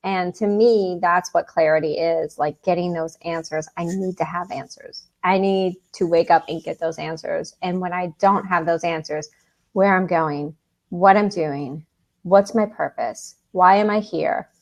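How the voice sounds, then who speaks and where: An American woman co-hosting a casual spiritual chat, chatty and quick to laugh. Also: fairly low pitch. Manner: chatty, laughs often, animated. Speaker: co-host.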